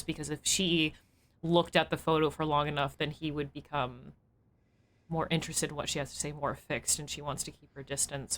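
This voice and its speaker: A woman's voice: low voice, a bit bright. Rambling, reflective woman streamer. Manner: rambling and reflective, many fillers and restarts. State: emotional and weepy. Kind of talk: live-stream gameplay commentary.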